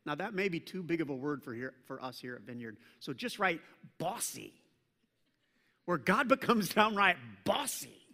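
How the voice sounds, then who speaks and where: A middle-aged man preaching a sermon as a pastor, telling stories in a playful, animated way and now and then barking out loud mock commands. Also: a little high, a little fast. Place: church sanctuary. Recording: long reverb from a large church hall.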